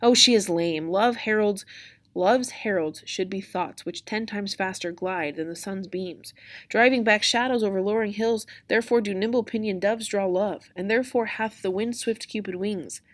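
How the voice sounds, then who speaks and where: A woman's voice: normal speed, lightly acted. A woman reading as eager young Juliet. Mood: impatient. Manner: higher, louder, eager pleading reading of verse. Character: young teenage girl Juliet, impatient and lovesick. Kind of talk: reading a play aloud in class.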